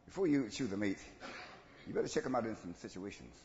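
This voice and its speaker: A man preaching a sermon in church, swinging from shouted lines to low asides and chuckles. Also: animated, fast. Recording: echoey church room, dull lo-fi sound.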